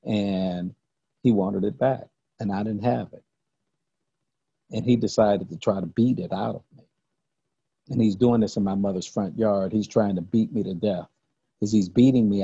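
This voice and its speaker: An older man with a deep, husky, gravelly yet mellow voice gives an earnest recovery testimony, speaking in halting, repeated phrases. The recording is dry, a little dull, and has no echo.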